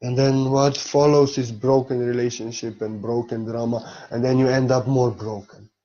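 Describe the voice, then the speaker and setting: A man speaks as a spiritual teacher in a loose, informal talk, candid and openly emotional, with a blunt edge and the odd curse. His voice sits at an ordinary middle pitch. The recording is muffled and dull. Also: level tone, moderate pace, dark tone.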